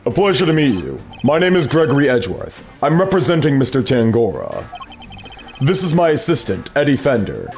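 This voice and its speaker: A man playing a calm, courteous male defense attorney who speaks in a polite, measured, formal way. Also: medium pitch, soft background music. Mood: composed.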